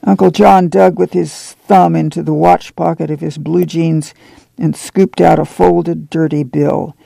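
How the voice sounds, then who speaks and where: A man reading a novel aloud as an audiobook narrator, measured and steady, correcting small slips as he goes. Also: a little high, vocal fry, dry recording. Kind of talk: scripted narration.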